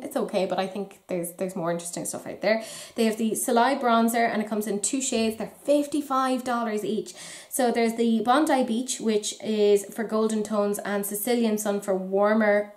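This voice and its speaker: Irish woman, casual beauty vlog, wry asides, medium pitch, roomy echo. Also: fairly even intonation, moderate pace, a little mellow. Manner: chatty, wry, self-deprecating asides. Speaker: beauty vlogger. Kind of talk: casual chat about makeup releases.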